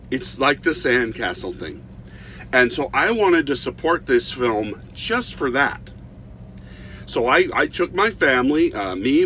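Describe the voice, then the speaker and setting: A middle-aged man giving a casual spoken movie review, telling a long analogy with animated delivery and frequent restarts. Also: a little high, a little hiss or hum.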